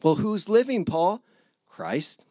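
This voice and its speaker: A man preaching a casual, animated sermon to his congregation, acting out little dialogues with God. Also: high-pitched, slow, dry recording, studio quality. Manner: animated, acts out God and listeners in voices.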